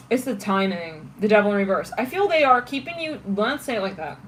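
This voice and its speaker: A woman's voice: mid-range voice, big pitch swings, moderate pace, a bit bright, a little hiss or hum, low-quality recording. Chatty woman giving a tarot reading. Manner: chatty, thinks aloud with restarts while reading cards. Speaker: tarot reader.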